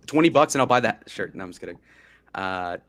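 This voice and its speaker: A man's voice: on the low side, animated, fast, a bit bright. A young man streaming, chatting casually in a joking, boastful, teasing way.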